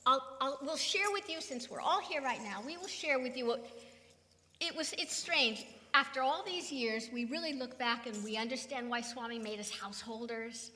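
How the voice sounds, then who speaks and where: A woman's voice: sits high, normal speed, pushed and bright. Older woman giving a satsang talk, emphatic, long hall echo. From California. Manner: emphatic, rhetorical questions. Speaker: spiritual teacher. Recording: reverberant hall.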